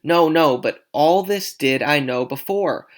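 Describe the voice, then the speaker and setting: A man's voice: fairly high pitch, unhurried, close to an everyday voice. A man voicing Juliet, an impatient young girl, reading her lines aloud with urgent, pleading emphasis. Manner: pleading, urgent, louder than usual. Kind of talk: dramatic read-aloud of a play.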